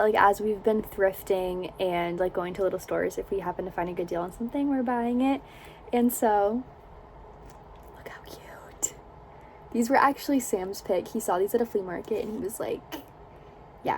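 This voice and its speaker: A woman's voice: mid-range voice, darkish tone, slight background noise. A young woman vlogging candidly about her pregnancy, nauseous and stuffy, chatting loosely with lots of "like" and "um" into a phone held at arm's length. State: nauseous and congested. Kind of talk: casual pregnancy vlog.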